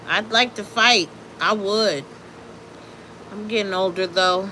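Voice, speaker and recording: Woman streamer, slow unhurried delivery, bright edgy tone, animated storyteller chatting with viewers. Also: medium pitch, slight background noise. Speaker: live streamer. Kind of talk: casual live-stream chat.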